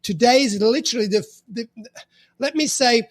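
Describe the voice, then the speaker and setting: A man in his fifties with an Italian accent, a podcast guest talking in a halting way, with many restarts and fillers. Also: very high-pitched, lively intonation. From Italy. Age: 50s. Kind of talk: casual interview conversation.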